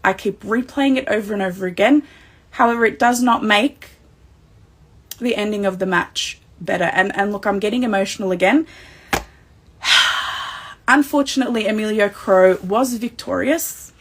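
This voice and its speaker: Emotional husky Australian woman recapping. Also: mid-range voice, moderate pace. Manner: excitable and emotional, talking straight to the fans. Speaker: livestream recap host. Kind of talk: wrestling show recap livestream.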